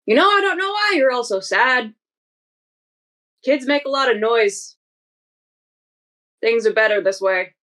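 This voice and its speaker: A woman's voice: on the high side, animated, a little slow, pauses often, fairly bright tone. A woman voicing a cocky, dismissive male stranger in a tabletop game. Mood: smug.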